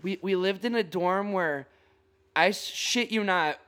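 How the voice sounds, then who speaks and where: A man's voice: sits high, a little slow, bright, forceful tone. Rambling, laughing young man telling a story. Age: young adult. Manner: rambling, profane, laughing often. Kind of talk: casual storytelling among friends.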